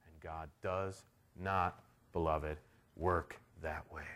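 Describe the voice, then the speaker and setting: A middle-aged male pastor preaching a sermon, shifting from hushed storytelling to loud, emphatic declarations. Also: a bass voice, fairly even intonation, slow.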